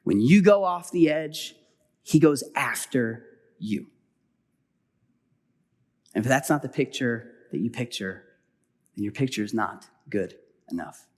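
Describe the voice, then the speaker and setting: A middle-aged man preaching a sermon as pastor, telling a personal story with animated swings between loud exhortation and quiet, hurried asides. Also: mid-range voice.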